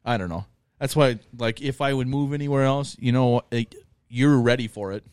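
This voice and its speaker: A man's voice: medium pitch, normal speed, clean tone, dry recording. A young man with a Minnesotan accent, co-hosting a podcast in casual chat, crude and swearing as he rants. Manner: crude, swearing, animated ranting. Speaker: podcast co-host.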